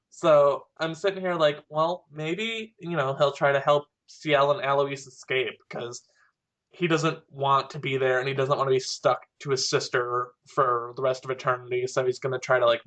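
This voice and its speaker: A man's voice: medium pitch, fairly bright tone. Rambling young man chatting casually. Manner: rambling, filler-heavy, dry humor. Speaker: podcast co-host discussing fan fiction. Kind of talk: casual chat.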